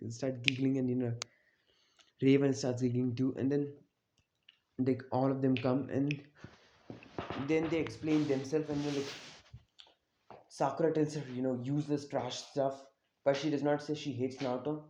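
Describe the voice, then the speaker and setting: A man's voice: mid-range voice, fairly even intonation, moderate pace, long pauses, warm tone, slight background noise. A man casually retelling a fan-made story, rambling with many fillers and restarts. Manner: rambling, full of likes and restarts. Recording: roomy, dull lo-fi home recording.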